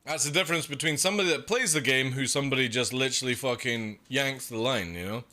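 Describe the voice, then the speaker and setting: A young man streaming a game, ranting casually and profanely, and mocking others in quick put-on voices. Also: mid-range voice, sharp tone. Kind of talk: casual live-stream rant.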